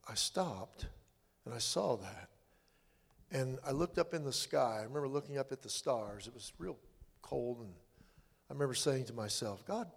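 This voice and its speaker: Older guy telling his testimony, halting and earnest, mid-pitched voice, big echoey hall. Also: vocal fry, slightly rough. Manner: halting, earnest storytelling with restarts. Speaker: man giving his testimony. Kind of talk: spoken personal testimony. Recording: long hall reverb.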